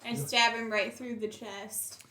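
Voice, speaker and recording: A woman slightly high in pitch plays her turn in a tabletop game, speaking slowly and hesitantly, letting her sentences trail off. Her voice carries an echo from the room, with a faint hiss behind it. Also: flat delivery, bright, forceful tone. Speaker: player. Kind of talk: tabletop role-play chat. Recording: echoey room, faint noise.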